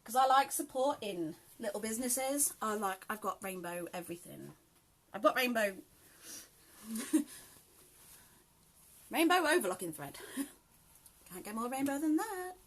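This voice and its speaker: A woman's voice: on the high side, big pitch swings, measured pace, pauses often, fairly bright tone. A British woman chatting casually in a rambling way while she sews, with lots of ums and laughs. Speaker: sewing vlogger. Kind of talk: casual chat while sewing.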